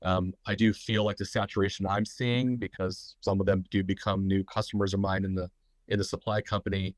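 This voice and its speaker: Middle-aged male host, low and congested, rambling live talk, dry sound. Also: little pitch movement, fairly quick, dry recording, low-quality recording. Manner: rambling, frequent fillers and restarts. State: stuffy, congested. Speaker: host of a tattoo business talk. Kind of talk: live online business talk.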